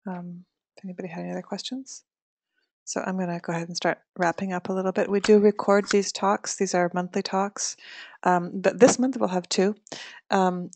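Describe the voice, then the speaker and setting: A woman with a somewhat low, flat voice moderates a talk series, asking a question and then making casual announcements. Her delivery is loose and full of fillers, and the sound is dry with no room echo. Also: moderate pace. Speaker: host of a monthly talk series.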